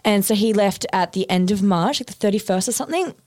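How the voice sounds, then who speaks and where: A woman's voice: mid-range voice, expressive, fast, a little mellow, no echo, clean studio sound. A woman, a podcast guest chatting casually and filling her talk with "like". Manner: chatty, heavy use of "like". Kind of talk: casual chat.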